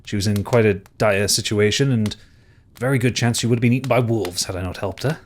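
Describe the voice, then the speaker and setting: A man's voice: on the low side, brisk, a little hiss or hum, close to an everyday voice. A man voicing a polite, mild-mannered adult brother who explains himself formally and courteously. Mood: explaining.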